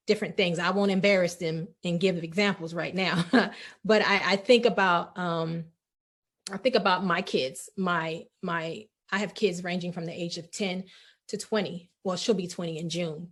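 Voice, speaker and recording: A middle-aged woman hosting a faith-based wellness talk, earnest and encouraging, repeating reassurances and sounding emotional. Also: medium pitch. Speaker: host.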